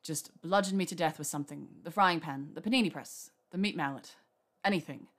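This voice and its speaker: A woman voicing a mortified young male wizard who mutters and sighs in a low voice. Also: fairly quick, a bit bright. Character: mortified young wizard, a man, weary and self-mocking.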